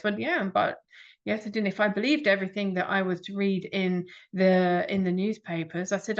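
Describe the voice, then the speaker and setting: A woman's voice: medium pitch, fairly even intonation, moderate pace, creaky. A woman giving an earnest reflective talk, pressing her listeners with rhetorical questions. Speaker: speaker. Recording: dull lo-fi recording.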